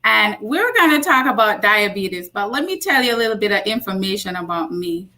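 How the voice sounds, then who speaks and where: A Jamaican woman in her forties, a nurse practitioner appearing as a guest speaker, gives a casual health talk through slow, warm stories with emphatic repetition. Her mid-range voice is very animated.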